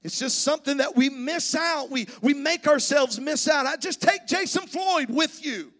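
Preacher guy with a really high voice, shouting and kinda singing his sermon, stumbles and restarts a lot. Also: normal speed. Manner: emphatic preaching, often shouting and sing-song, with stammered restarts. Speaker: pastor. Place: church sanctuary.

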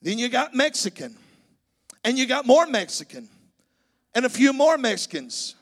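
A man preaching a sermon as pastor, emphatic and sing-song, often shouting, with stammered restarts. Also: very high voice, sing-song, normal speed. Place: church sanctuary.

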